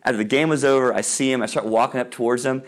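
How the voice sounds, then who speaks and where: Speaking rapid-fire in a mid-range voice, a middle-aged man delivers a faith-based talk on parenting in sports. His storytelling is animated, often punctuated by an "all right?" to check in.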